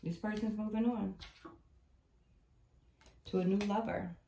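A woman's voice: medium pitch, steady tone, measured pace, warm tone. A woman giving a spiritual tarot reading to viewers, emphatic and repetitive as she tells the story of the cards. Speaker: tarot reader. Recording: echoey room, faint noise.

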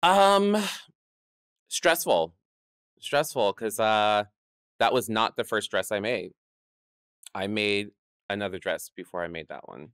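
Drag performer guest, male, fairly low voice, lively storyteller, dry studio mic. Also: slow, pauses often, smooth, dry recording. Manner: animated, acts out quoted voices, laughs often. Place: podcast studio.

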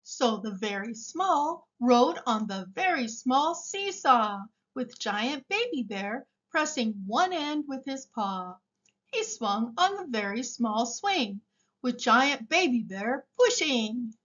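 A woman reading a picture book aloud for young children in a slow, expressive way. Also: a little high, highs cut off. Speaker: storybook reader.

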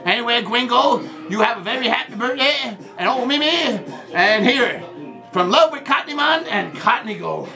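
In a full character voice that is very high and creaky, a man performs the jokey Cotton Man for a homemade birthday video. Cotton Man rambles, shouts greetings, and leans constantly on the words "man" and "see."

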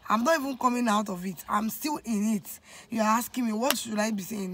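A woman's voice: on the high side, brisk, a little hiss or hum. A young Nigerian woman in her twenties tells a personal story on her vlog, confiding and emotional, often turning to speak straight to her viewers. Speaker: vlogger.

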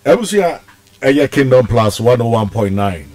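A Ghanaian man hosting a radio talk show, calm with brief affirming responses. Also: mid-range voice, normal speed, no room sound. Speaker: radio host. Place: radio studio.

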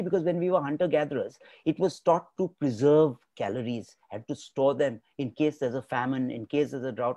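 A man's voice: medium pitch, darkish tone, no room sound. A man giving an emphatic motivational talk as a guest expert, repeating key words for stress. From India.

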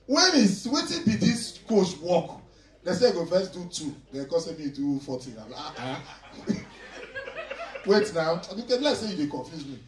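A male stand-up comedian with a Nigerian Pidgin accent, telling a story in an animated way and acting out other voices. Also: sits high, normal speed, echoey room, recorded from a distance. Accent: Nigerian Pidgin English. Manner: animated, acts out voices, laughs often.

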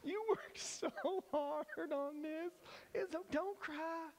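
A man's voice: very high-pitched, slow, darkish tone, voice pushed up, heavily acted. A man voicing a gushing, soothing church lady with a put-on Southern accent, cooing and consoling.

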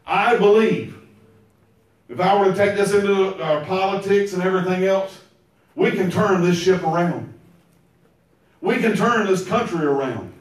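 A man preaching a sermon, emphatic and repetitive, now and then breaking into shouts. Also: high voice, a little slow, long pauses. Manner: emphatic, repeats phrases, bursts into shouts. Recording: very echoey room, mic far off.

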